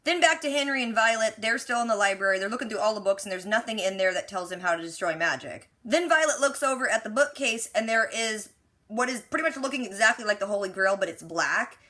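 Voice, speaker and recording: Woman, casual TV recap, bright voice, chatty, sarcastic asides. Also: mid-range voice, animated, fast. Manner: quotes characters with lots of "like". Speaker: TV reaction recapper.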